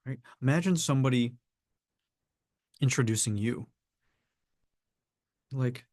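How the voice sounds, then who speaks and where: A man giving a reflective coaching talk, measured and often acting out what people say. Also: mid-range voice, darkish tone, dry recording, clean studio sound. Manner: measured, acts out quoted people. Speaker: spiritual coach.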